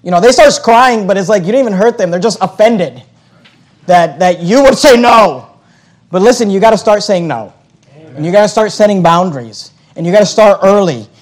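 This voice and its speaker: Male pastor, high-pitched voice, sermon, conversational preaching, stammered restarts. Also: expressive, a little fast.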